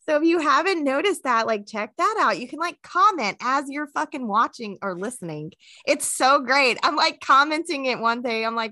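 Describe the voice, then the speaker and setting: A woman co-hosting a podcast in animated, chatty conversation, laughing often and mimicking how others talk. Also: on the high side, normal speed, dry recording. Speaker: podcast co-host. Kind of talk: casual chat.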